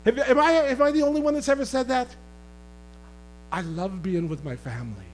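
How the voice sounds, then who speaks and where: A man preaching a sermon as pastor, swinging from loud impassioned outbursts to quiet conversational asides and teasing his congregation. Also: very high voice, normal speed, a little hiss or hum, low-quality recording.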